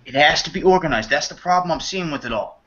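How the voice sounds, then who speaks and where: Blunt animated storyteller, muffled audio. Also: male voice, on the high side, fast. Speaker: podcast guest. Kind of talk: casual chat, recounting events.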